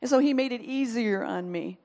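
A woman's voice: a little high, a little fast, warm tone. A woman giving a chatty personal faith testimony, laughing often and stopping to search for words. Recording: long reverb, as in a large hall.

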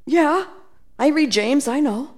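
A woman preaching a sermon, animated, acting out quoted voices and reading scripture aloud. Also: a little high, normal speed.

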